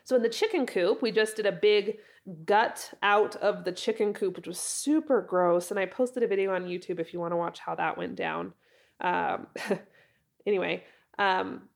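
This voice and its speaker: Hoarse, raspy woman hosting a podcast. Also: mid-range voice. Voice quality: raspy, froggy. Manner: chatty, rambling, self-correcting with laughs. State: hoarse from a head cold. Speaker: podcast host. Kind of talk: casual solo podcast.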